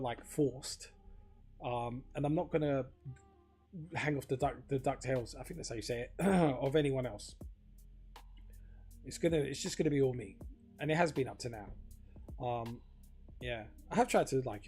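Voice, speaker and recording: A man's voice: mid-range voice, darkish tone. A man talking casually to camera in a rambling, filler-heavy monologue, swearing freely. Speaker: crypto vlogger.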